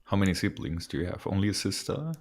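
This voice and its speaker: A man co-hosting a casual podcast chat, playful and teasing, quick to laugh and a bit tipsy. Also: low-pitched, big pitch swings. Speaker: podcast co-host.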